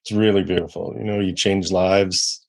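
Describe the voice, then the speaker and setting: A man hosting an interview on a call, affirming his guest with a relaxed, conversational manner. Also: sits low, moderate pace, gravelly. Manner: affirming, with soft listening sounds. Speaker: interview host. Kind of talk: casual interview chat. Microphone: remote call.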